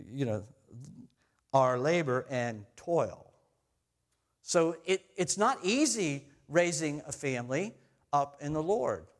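A middle-aged pastor with a voice on the high side preaches a sermon, sharing family stories conversationally. He swells into loud exhortation, then drops to soft, tender asides.

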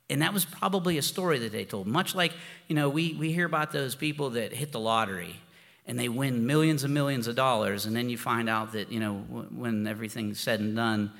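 A man's voice: medium pitch, brisk, vocal fry, fairly bright tone. Man preaching in a reverberant hall. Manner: informal and storytelling, with frequent restarts and "you know". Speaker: pastor. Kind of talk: conversational sermon.

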